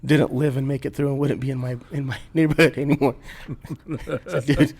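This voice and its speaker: A man's voice: mid-range voice, steady tone, brisk, vocal fry, a little mellow. A middle-aged man telling a long rambling story as a podcast guest, laughing and restarting often. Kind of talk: casual storytelling.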